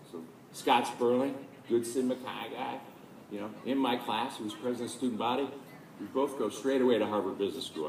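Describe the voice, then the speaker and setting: A man in his late fifties giving a storytelling speech at a dedication, lively and self-deprecating, acting out the people he quotes. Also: fairly low pitch, slight background noise. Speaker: speaker at a dedication. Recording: roomy, distant mic, faint ambience.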